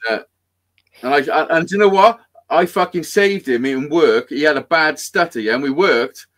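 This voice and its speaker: A man's voice: fairly high pitch, normal speed. A man telling a rambling, sweary story in casual chat. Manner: rambling, heavy swearing, animated. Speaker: podcast guest storyteller.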